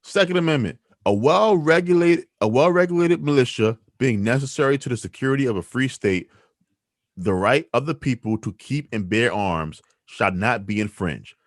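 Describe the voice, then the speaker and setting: A man hosting a podcast, arguing his opinions in an emphatic, animated way. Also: medium pitch, moderate pace, dry recording, studio quality. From New York City. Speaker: podcast host.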